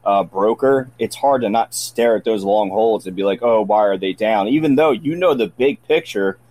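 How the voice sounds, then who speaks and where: A man's voice: lowish voice, moderate pace, darkish tone. A man co-hosting a podcast in casual chat, laid-back and matter-of-fact. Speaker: podcast co-host.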